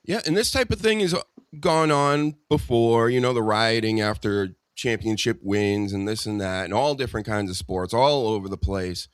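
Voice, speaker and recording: Boston host, blunt joking rants, dry close sound. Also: male voice, on the low side, moderate pace, smooth, no echo. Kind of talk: casual live show chat.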